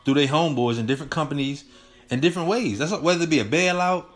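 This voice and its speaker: A man's voice: on the high side, animated, fast. A young man hosting his own show, giving a heated, profane, rambling rant full of slang. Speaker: host. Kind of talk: casual solo commentary.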